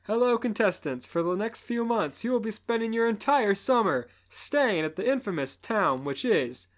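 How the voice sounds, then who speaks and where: A man's voice: high-pitched, animated, normal speed, pitched above the performer's own voice. A man voicing a smug male TV game-show host with a showy announcer delivery, in a fan-fiction reading with voices. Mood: smug announcing.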